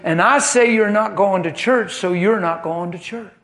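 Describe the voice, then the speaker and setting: A preacher playing a blustering, bossy husband. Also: male voice, high voice, animated, moderate pace, reverberant, pitched above the performer's own voice. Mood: domineering. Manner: blustering, domineering. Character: controlling, angry backslidden husband.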